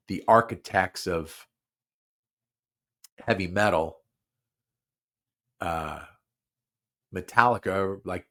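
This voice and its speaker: A man hosting a talk show, talking casually with lots of restarts and repeats while his nose is stuffed up. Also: on the low side. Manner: animated, repeats himself, many restarts. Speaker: podcast host. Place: studio.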